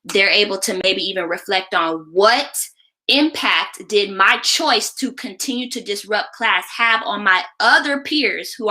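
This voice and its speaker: A woman teacher talks through a classroom-management method in an instructional video. Her voice is bright and crisp, and her tone stays explanatory. She keeps pulling the listener in with frequent tag questions. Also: medium pitch, low-quality recording. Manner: explanatory, often checks in with a tag question "right?". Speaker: teacher and education creator.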